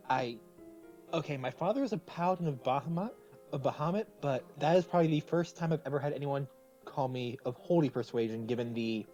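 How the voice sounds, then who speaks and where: A man sits at a tabletop game, his voice in an ordinary middle pitch. He trades quick, laughing banter with the others. Faint music plays in the background. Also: a little mellow, lo-fi sound. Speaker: player. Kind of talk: playing a character at a tabletop game.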